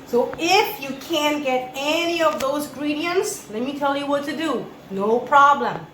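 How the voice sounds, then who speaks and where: A woman's voice: high voice, measured pace, a bit bright, a little hiss or hum. A Trinidadian woman giving a casual cooking demo in a home kitchen, jokey and chatty. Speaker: cooking vlogger. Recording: echoey room with faint ambience.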